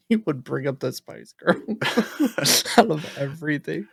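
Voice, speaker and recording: Slow gravelly man with a lively pitch. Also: no room sound, clean studio sound. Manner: short interjections and teasing asides. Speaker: podcast co-host. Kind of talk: casual chat.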